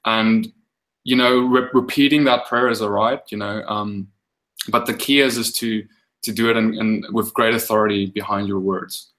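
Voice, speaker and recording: A man's voice: on the low side, fairly even intonation, normal speed, fairly bright tone, poor audio. A man speaking as a guest minister, telling a casual testimony full of fillers and restarts, and turning firm when he describes commanding prayer.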